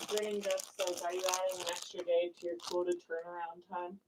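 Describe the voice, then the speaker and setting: Woman, reads chat, low flat voice, far from mic under loud paper crinkling. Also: a little fast, heavy background noise. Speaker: co-host reading viewer chat. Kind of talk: reading chat comments aloud.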